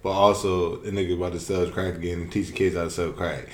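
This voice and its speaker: Young guy joking around bluntly, lowish voice, roomy echo. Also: flat delivery, fast talker. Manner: blunt, joking, heavy slang. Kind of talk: casual chat. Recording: echoey room.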